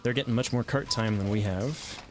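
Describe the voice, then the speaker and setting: Guy narrating his game stream, chatty and laid back, noisy mic. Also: on the low side. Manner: chatty and self-amused, with asides and quick reactions. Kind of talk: casual gameplay commentary.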